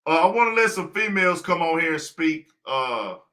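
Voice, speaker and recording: High, bright-voiced man preaching on a livestream. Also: sing-song, moderate pace. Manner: preachy, rhetorical questions. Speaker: podcast host. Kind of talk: casual livestream commentary.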